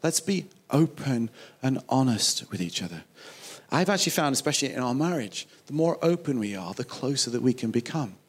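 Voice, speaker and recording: A man's voice: mid-range voice, very animated, a little fast, husky. A man preaching a sermon, emphatic and conversational, acting out little quoted dialogues. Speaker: pastor.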